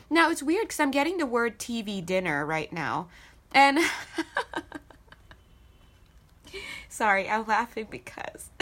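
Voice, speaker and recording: A woman's voice: mid-range voice, a bit bright. Chatty woman tarot reader. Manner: chatty, laughs often, addresses viewers as guys. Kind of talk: casual channeled tarot reading.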